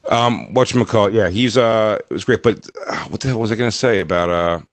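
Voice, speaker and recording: A man's voice: on the low side, fairly quick, no echo. A man appearing as a guest on a comedy talk show, chatting with fillers and restarts. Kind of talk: casual chat.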